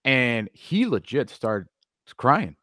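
A man co-hosting a sports talk radio show in a studio, relaxed and enthusiastic, using casual slang. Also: medium pitch, takes it slowly, dry recording.

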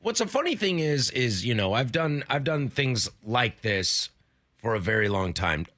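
A man's voice: medium pitch, normal speed, no echo, clean studio sound. A man co-hosting a casual sports radio show, chatty and telling stories while he has the hiccups. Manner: chatty, animated storyteller. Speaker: podcast co-host.

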